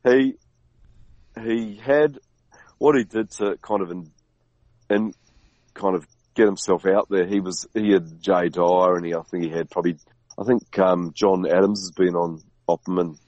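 A man as a guest in a casual conversation, talking in a rambling, halting way with many restarts. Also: low-pitched, steady tone, a little mellow, no echo, dull audio. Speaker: podcast guest.

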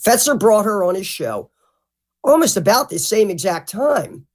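Blunt, lively-voiced woman guest. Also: mid-range voice, normal speed. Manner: blunt and profane; animated, mimics others. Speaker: podcast guest. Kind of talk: casual interview talk.

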